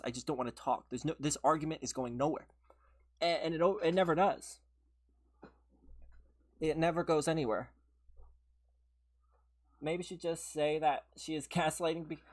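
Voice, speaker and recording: A woman chatting casually on her gaming livestream, venting in an exasperated way and saying "like" a lot. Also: sits low. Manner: venting, exasperated, heavy use of "like". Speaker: livestream gamer.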